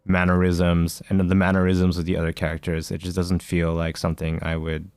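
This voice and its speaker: Low-voiced man rambling on a podcast. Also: completely flat delivery, a little fast, a little mellow, clean tone, dry recording, studio quality. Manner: rambling, many fillers and restarts. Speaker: podcast co-host. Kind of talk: casual chat.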